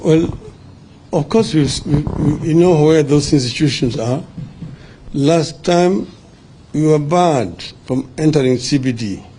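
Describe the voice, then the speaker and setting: Older man, Kenyan accent, mellow tone, slightly high voice, deliberate press statement. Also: slight background noise. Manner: measured, deliberate delivery with restarts. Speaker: opposition leader at a press briefing.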